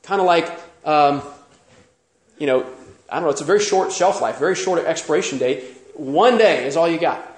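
A man preaching a sermon as pastor, animated and full of rhetorical questions. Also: fairly high pitch, normal speed, reverberant.

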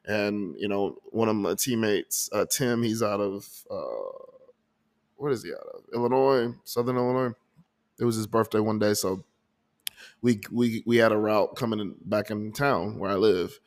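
This podcast host speaks at a moderate pace in a lowish voice, recording on a desk microphone. His reflective audio journal about his month is earnest and emotional, full of restarted sentences and repeated words.

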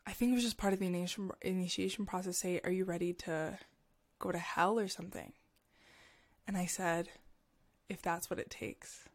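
Telling a very personal story on her podcast, the young woman host speaks in fits and starts, full of fillers and false starts, clearly moved.

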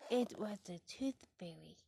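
A woman reading a children's picture book aloud, soft and often dropping into a hush. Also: mid-range voice, expressive, measured pace, creaky, a little hiss or hum. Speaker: storybook reader.

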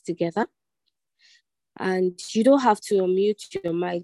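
A woman leading scripture reading and guided prayer in a measured, reverent way at an online meeting. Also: fairly low pitch, dark tone, dry recording, poor audio. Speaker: prayer and Bible study leader.

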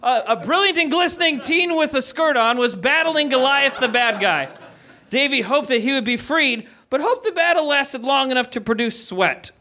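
A man's voice: very high-pitched, expressive, moderate pace, noisy background. A man comedian reading a mock-dramatic story on a comedy theater stage, breaking off for sheepish asides. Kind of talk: comic reading to a live audience.

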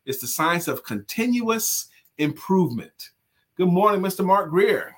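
A man's voice: high-pitched, a little slow, slightly rough. A man hosting a morning show, chatting casually, laughing and teasing his guests. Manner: lively, laughs often, ribs his guests. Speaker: show host.

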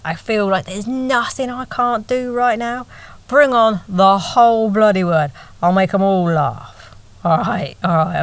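A woman's voice: medium pitch, dry recording. A young woman narrating her own story in a wry, conversational way, swearing freely and now and then dropping to a whisper. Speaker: podcast narrator and host. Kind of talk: first-person storytelling narration.

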